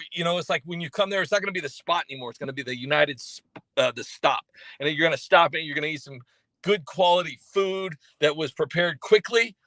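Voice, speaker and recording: A man chatting on a casual livestream, his voice bright and a touch high, recorded close and dry. He rambles with many fillers and restarts, and his humor stays self-mocking and deadpan. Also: no echo. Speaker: livestream host reading chat. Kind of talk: casual live chat. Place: coffee shop.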